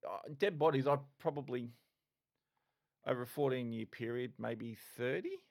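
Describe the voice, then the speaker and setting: A man's voice: medium pitch, normal speed, vocal fry. Man, middle-aged, ex-cop podcast guest, candid, blunt. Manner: frank, animated, swears, restarts often. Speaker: podcast guest, former police officer. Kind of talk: candid conversational storytelling.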